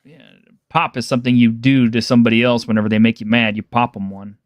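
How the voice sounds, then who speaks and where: A man's voice: medium pitch, steady tone, fast, dry recording, clean studio sound. A man co-hosting a casual podcast, laid-back and rambling, laughing easily. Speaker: podcast co-host. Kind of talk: casual chat.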